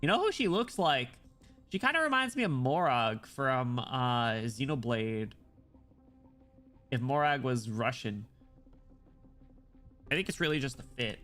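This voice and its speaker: A man streaming as he reads a game story, chatting casually and reacting excitedly as he thinks aloud. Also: medium pitch, unhurried, long pauses, soft background music.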